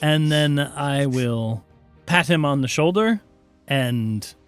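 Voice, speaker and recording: A man's voice: on the high side, slow, clear, resonant tone, faint music behind. A man taking part as a player in a tabletop game, describing his actions playfully. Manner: playful, animated.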